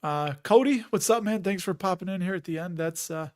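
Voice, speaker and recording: A man's voice: high voice, a little fast. A man with a Chicago accent hosting a casual live stream, rambling and chatty and often laughing as he reads out viewer comments.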